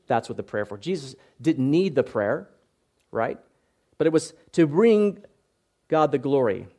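Speaking a little slowly in a sing-song, mid-range voice, a pastor preaches an expository sermon in a conversational way. He reads scripture aloud, keeps checking in with listeners using tag questions, and breaks into loud, acted shouts.

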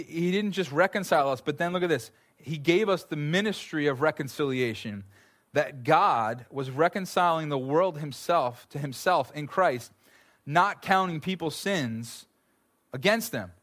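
A man in his thirties preaching a sermon, telling stories in an animated way and repeating words as he builds a point. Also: fairly high pitch, normal speed. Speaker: pastor.

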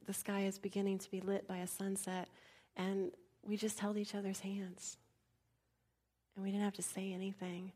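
A woman's voice: mid-range voice, normal speed. Woman pastor telling stories. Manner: soft, hushed storytelling that turns lively and animated. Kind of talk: storytelling sermon.

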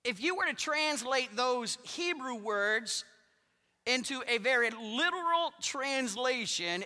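Pastor type, male. High, bright, lively voice. Preaches with big swings from loud to quiet, in a church with a long echo. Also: slow pace. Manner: emphatic preaching, swings between loud declarations and hushed asides. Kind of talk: sermon. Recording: long hall reverb.

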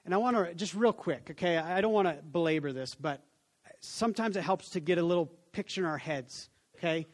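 A man gives a relaxed, conversational sermon as a pastor. His voice sits high for a man, and he often stumbles and restarts. He slips into the inner voices of the people he describes. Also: fairly quick. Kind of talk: casual sermon with props.

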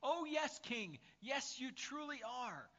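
A man voicing fawning royal courtiers who heap high, gushing flattery on their king. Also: takes it slowly, dull audio, heavily acted.

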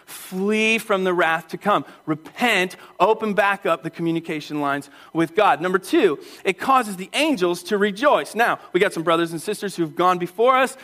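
High-voiced pastor guy preaching in church, lively, acts out little voices, gets the crowd going. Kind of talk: sermon.

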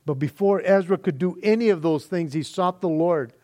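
A man's voice: sits high, moderate pace, a little mellow. A male pastor giving a sermon in a folksy, conversational way, explaining his passage at length. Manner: folksy, conversational, says "man" often; explains word meanings in long lists.

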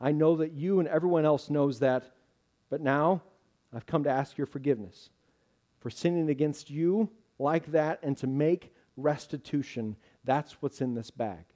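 Zacchaeus, a preacher voicing a humble repentant tax collector. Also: male voice, fairly high pitch, moderate pace, close to an everyday voice. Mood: contrite. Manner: earnest, contrite and gentle.

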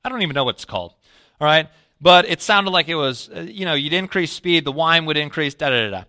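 Bright-voiced man preaching conversationally. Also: lively intonation, fast talker, no echo, studio quality. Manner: storytelling, drops to a low quiet voice when quoting himself. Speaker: pastor. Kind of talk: sermon.

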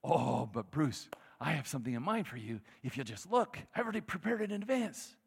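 A man voicing God as a gentle, patient, fatherly figure who reassures a believer, slowly and kindly, in a sermon. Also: fairly high pitch, sing-song, creaky, husky, in a large hall, full character voice. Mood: reassuring.

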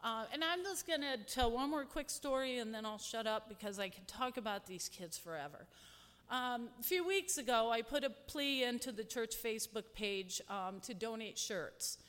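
A woman's voice: fairly high pitch, expressive, normal speed, a bit bright, smooth. Heartfelt woman speaking in a church hall. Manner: heartfelt, rambling, many fillers. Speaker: church ministry volunteer. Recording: long hall reverb, from a distance.

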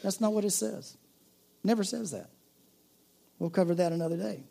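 A pastor delivers a sermon in a relaxed, talking-to-friends manner. The voice sits at a middling pitch and slips between playful asides and quieter, earnest points. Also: normal speed, creaky. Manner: conversational preaching, jokey asides, drops to soft earnest tone.

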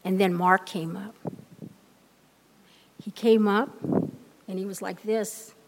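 Slow, emphatic woman preaching in a reverberant hall. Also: mid-range voice, fairly even intonation, creaky. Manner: emphatic, repeats phrases for effect. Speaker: lay speaker giving a church lesson. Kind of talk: heartfelt sermon-style storytelling. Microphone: handheld microphone.

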